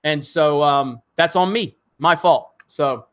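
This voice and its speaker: A man with a slightly high voice hosts a casual live stream, reading viewer comments aloud. He talks in a rambling, frustrated way, full of restarts and fillers, and swears when he gets worked up. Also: slow.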